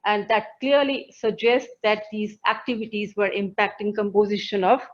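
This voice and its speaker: A woman scientist gives a conference presentation, methodically walking through her data plots with frequent pauses and hesitations. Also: medium pitch, steady tone, dull audio. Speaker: atmospheric scientist presenting research. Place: conference hall.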